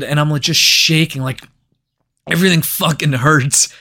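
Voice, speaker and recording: A man's voice: fairly high pitch, normal speed. A young man co-hosting a podcast, chatting casually and swearing often, with frequent laughter. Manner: animated, profane, laughs often. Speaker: podcast co-host. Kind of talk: casual chat.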